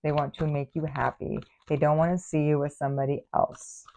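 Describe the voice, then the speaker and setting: A woman's voice: low-pitched, flat delivery, fairly quick, vocal fry, warm tone, a little hiss or hum. A woman giving a casual tarot reading, sassy and exasperated in her asides. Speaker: tarot reader.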